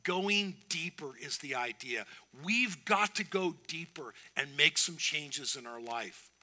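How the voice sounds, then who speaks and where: A male pastor preaches in an earnest, emphatic way, now and then breaking off and restarting a thought. His voice is very bright and forward, sitting a little high for a man. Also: expressive, slow. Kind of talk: sermon.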